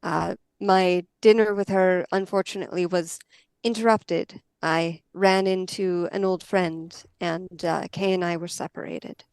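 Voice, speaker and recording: A woman's voice: fairly low pitch, fairly even intonation, a little slow, a little mellow, clean tone, no room sound. A woman voicing a polite young woman vampire who talks formally and hesitantly. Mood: subdued.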